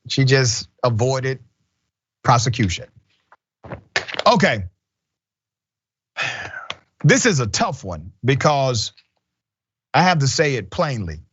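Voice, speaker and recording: A man's voice: mid-range voice, fairly bright tone, dry recording, dull audio. A man hosting a news commentary show, stressing his points by repeating them.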